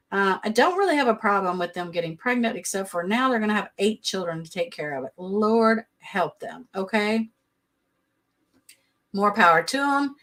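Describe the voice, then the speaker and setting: A woman's voice: medium pitch, a bit bright. A woman giving blunt, sassy live-stream commentary on a reality show, often laughing. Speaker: reality TV recap host.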